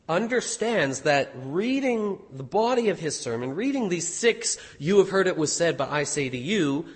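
A man's voice: fairly high pitch, husky. A man preaching an expository sermon, earnestly teaching a passage with emphatic rises. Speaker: pastor. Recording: reverberant hall.

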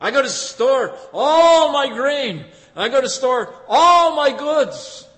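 Man doing greedy rich farmer, smug, gloating, high-pitched, long hall echo. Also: big pitch swings, slow pace, fairly bright tone, heavily acted. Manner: gloating, self-satisfied musing.

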